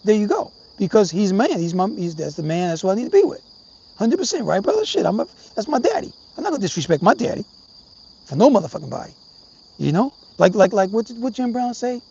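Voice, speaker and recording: A man's voice: high-pitched, very animated, fast, creaky, darkish tone. A middle-aged man talking casually and profanely to his viewers, rambling and calling them brothers. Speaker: livestream host. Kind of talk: casual livestream talk. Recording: slightly dull, faint background hiss.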